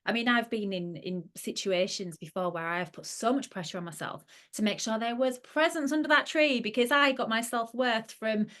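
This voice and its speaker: A woman's voice: on the high side, moderate pace, few pauses, fairly bright tone. A woman hosting a podcast interview, effusive and swearing freely. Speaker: podcast host. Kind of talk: casual interview chat.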